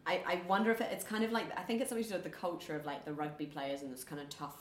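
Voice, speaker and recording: A young New Zealand woman with a low voice rattles along quickly in casual chat, full of likes and restarts. The room around her rings with echo. Soft ambience lingers behind. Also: expressive, a little hiss or hum. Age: young adult. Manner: quick, rambling, many fillers. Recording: echoey room.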